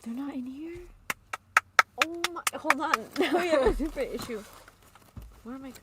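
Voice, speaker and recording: A woman's voice: sits high, moderate pace, very noisy. A woman co-hosting a podcast in casual chat, playful and giggly, often dropping into whispered asides. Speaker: podcast co-host.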